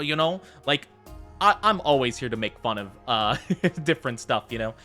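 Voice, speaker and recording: A man's voice: mid-range voice, lively intonation, a little fast, sharp tone, soft background music. An American man chatting casually while streaming a game, rambling with lots of fillers and tangents. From United States.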